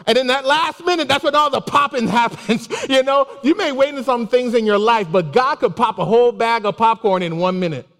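A man giving a casual, animated sermon with personal stories, laughing and exclaiming often. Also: extremely high pitch, a little fast, few pauses. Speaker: preacher. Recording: long hall reverb.

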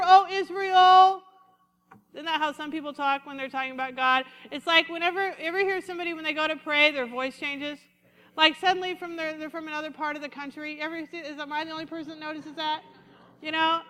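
A woman pastor giving a lively, conversational sermon and calling out to her congregation. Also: sits high, in a large hall. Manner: lively, conversational preaching with congregation call-outs.

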